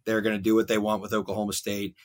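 A man co-hosting a casual sports betting chat, ranting in an animated, hyperbolic way. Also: fairly low pitch. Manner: animated, hyperbolic, rapid rants. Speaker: sports podcast co-host.

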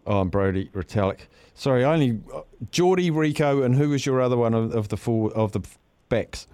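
Reading listener entries on casual sports talkback radio, this New Zealand man is laid-back and jokey. He speaks briskly and with animation at medium pitch, his tone dark and clean, and the studio recording has no echo.

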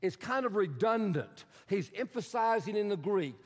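Pastor, male, high voice, emphatic teaching sermon, long reverb of a church sanctuary. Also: animated, normal speed, hardly any pauses. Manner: emphatic, repetitive teaching with audience prompts.

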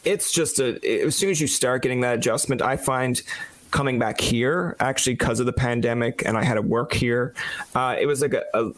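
A man's voice: medium pitch, a little fast, no echo. A young man from Newfoundland hosting a podcast, chatting casually and acting out the conversations he retells. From Newfoundland, Canada. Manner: storytelling, acts out quoted exchanges. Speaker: podcast host.

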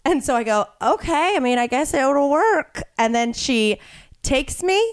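A young woman in casual podcast chat, telling an animated story and acting out the lines of the people in it. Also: sits high, a little slow, no room sound, studio quality. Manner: animated, swearing, acts out quotes.

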